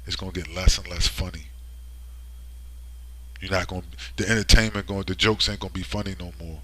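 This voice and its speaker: A man's voice: deep voice, fairly even intonation, a little fast, pushed and bright. A man delivering a preachy vlog monologue with emphasis, often asking "right?" as he speaks. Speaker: online commentator.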